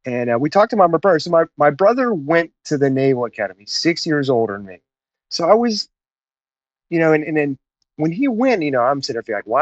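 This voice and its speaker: A man's voice: fairly high pitch, no echo, muffled recording. A man from Tennessee telling rambling, laid-back stories as an interview guest, dropping "man" and "whatnot". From Chattanooga, Tennessee, USA. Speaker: podcast guest, naval officer. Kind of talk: casual interview storytelling.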